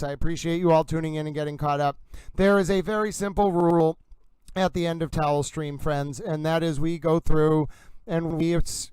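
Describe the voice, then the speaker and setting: A man hosting a livestream wrap-up, talking fast and theatrically in ornate, grandiose phrases. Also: fairly high pitch, clear, resonant tone, no echo, poor audio. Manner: fast, theatrical, florid wording with grand flourishes. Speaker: livestream host. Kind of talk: animated livestream wrap-up commentary.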